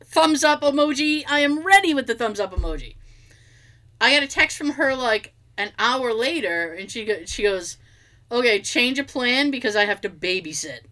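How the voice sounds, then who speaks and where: A woman chatting casually, spinning an everyday anecdote with a lively voice that swoops up and down. Her tone is bright and forward, and she acts out each side of the conversation, throwing in the odd swear word. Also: fairly high pitch, moderate pace. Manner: animated storyteller, acts out dialogue, swears casually. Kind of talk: casual chat.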